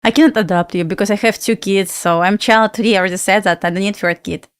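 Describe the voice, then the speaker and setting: Speaking fast in a clear, resonant, mid-range voice, this Belarusian woman with a Belarusian accent hosts a trading livestream. Casual and chatty, she reads and answers viewer questions and laughs frequently, in a dry recording with clean studio sound.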